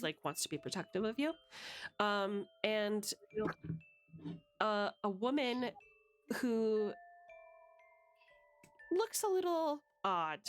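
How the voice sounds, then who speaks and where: A woman running a tabletop game as game master, describing scenes with many fillers and pauses. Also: mid-range voice.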